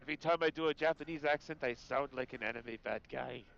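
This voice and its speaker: A man's voice: medium pitch, fast, gravelly, a bit bright. A man joking around in casual podcast chat. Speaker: podcast co-host. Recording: lo-fi voice chat with faint noise.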